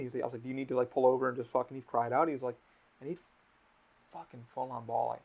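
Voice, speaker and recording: A man's voice: mid-range voice, fast, gravelly, pauses often, husky. A man hosting a podcast in casual chat, talking candidly and rambling, swearing a lot. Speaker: podcast host. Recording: dull lo-fi audio.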